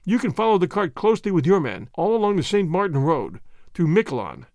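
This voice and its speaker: A man's voice: high-pitched, big pitch swings, brisk, darkish tone, no echo, studio quality. A man voicing a cold, menacing schemer. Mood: commanding. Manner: cold, commanding, roughly threatening. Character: stern, cunning, menacing male official.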